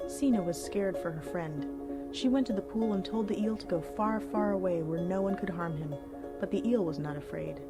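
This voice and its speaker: A woman's voice: medium pitch, normal speed. Woman narrating a folk tale. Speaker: narrator and cooking host. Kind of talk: storybook narration. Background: music.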